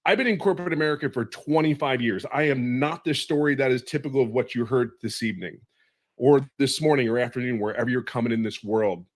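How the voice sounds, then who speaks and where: A man's voice: medium pitch, fast talker. A man in his fifties giving an earnest, emotional testimonial on a video call webinar, pleading and repeating phrases for emphasis. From California. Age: 50s.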